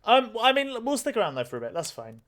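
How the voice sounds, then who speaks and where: A man's voice: extremely high pitch, wildly swooping pitch, fast, fairly bright tone. A man commenting on a mystery game as he plays, thinking aloud and swearing freely. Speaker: let's play host. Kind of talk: gaming commentary.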